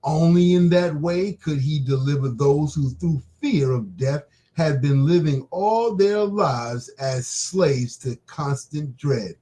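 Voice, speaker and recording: A man, chatting easily on a live stream. He calls his listeners "man" and reads scripture aloud in an unhurried way. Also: fairly high pitch, animated, dark tone, poor audio. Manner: loose, laughing, talks to viewers as "man". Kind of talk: casual chat and Bible reading.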